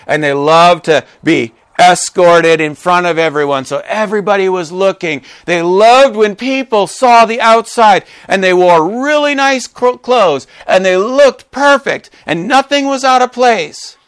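A man preaching a sermon to his congregation. He is animated and joking, and acts out quotes with big jumps in pitch. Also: smooth, no echo, studio quality. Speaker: pastor. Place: church gathering with a live congregation.

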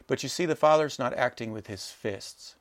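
A man preaching a sermon, animated, acting out the characters in quoted voices as he tells the story. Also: mid-range voice, normal speed, no echo. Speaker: pastor.

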